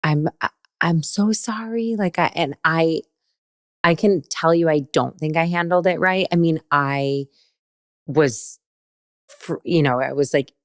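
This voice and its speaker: A woman's voice: low voice, measured pace, no room sound, clean studio sound. A woman hosting a podcast conversation, chiming in with short agreeing remarks and a brief story of her own. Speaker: podcast host.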